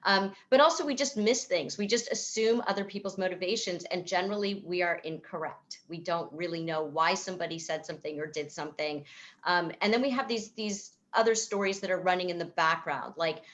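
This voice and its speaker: A woman's voice: lowish voice, a little fast, fairly bright tone. A woman psychotherapist speaking at a virtual event over a video call, answering questions in a thoughtful, explanatory way with frequent fillers and restarts. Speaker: psychotherapist and author.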